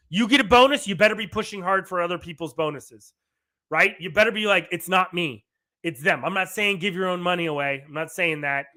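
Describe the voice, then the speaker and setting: Middle-aged man, podcast host, emphatic solo rant, high voice, bright tone. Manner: emphatic, repeats "right?" and acts out quoted dialogue.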